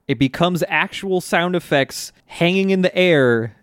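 A man's voice: a little high, unhurried, few pauses, a bit bright, dry recording. Laid-back man, dry close sound. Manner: laid-back, laughing, filler-heavy storytelling. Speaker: podcast co-host. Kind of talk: casual recap chat.

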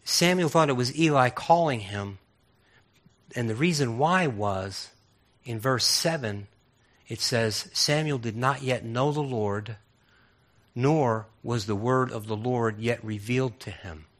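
A man preaching a sermon as a pastor, telling the story with lively acted-out voices and frequent repeated words. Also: medium pitch, measured pace.

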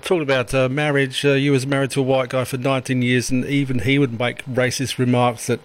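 Halting man hosting a chat. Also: medium pitch, flat delivery. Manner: halting, repeats and restarts phrases. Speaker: radio interview host. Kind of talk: casual interview talk.

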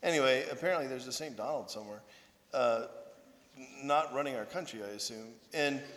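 With a medium-pitched, slightly bright voice and a somewhat fast pace, a man who is both priest and monk shares humorous stories at his own expense during a conversational sermon, often asking "right?". The big-room sound carries a little hiss or hum.

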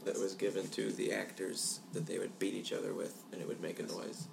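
A man contestant in a casual quiz, calmly explaining theater history in detail. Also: low-pitched, brisk, gravelly, echoey room, noisy background. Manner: knowledgeable, explanatory. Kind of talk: casual chat.

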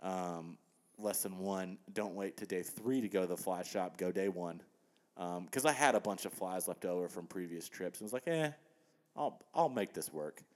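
Male guest, low voice, animated storyteller in casual chat. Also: normal speed. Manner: animated storytelling with laughs and quoted asides.

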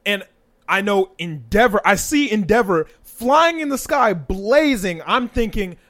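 High, lively man chatting. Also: measured pace. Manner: animated, acts out scenarios with voices. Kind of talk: casual chat.

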